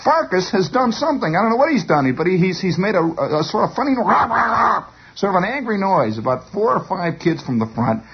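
Animated stammering radio storyteller, a man. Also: high voice, fast, hardly any pauses, breathy edge. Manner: animated, stammering repetitions, chuckling. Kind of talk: rambling storytelling monologue. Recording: dull lo-fi radio broadcast.

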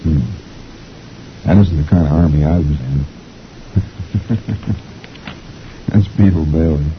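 A man's voice: extremely low pitch, slow pace, dull audio, slight background noise. A middle-aged man hosting a chatty reading of the comics, folksy and rambling, chuckling often. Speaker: host reading the comics aloud.

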